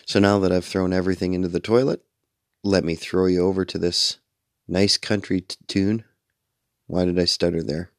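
A sleepy middle-aged man rambles through a late-night radio monologue in a very low, gravelly voice. He sounds worn out and meanders from thought to thought, swearing casually. The sound is dry and close, with no room around it. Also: steady tone, fairly quick, dry recording. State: sleepy, yawning. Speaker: radio show host.

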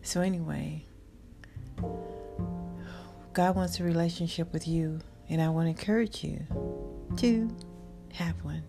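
A woman giving a devotional talk and a spoken prayer. She is soft and heartfelt, drifts into whispers and slips Spanish phrases in among her English. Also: on the low side, steady tone, unhurried, long pauses. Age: adult. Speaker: devotional vlogger. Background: guitar music.

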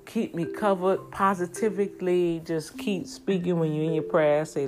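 A woman's voice: fairly low pitch, steady tone, a little slow, hardly any pauses, music in the background. A woman hosting her own podcast, sounding out of breath and speaking in a fervent, preacherly way that repeats phrases. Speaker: podcast host. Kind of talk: casual podcast talk with prayer.

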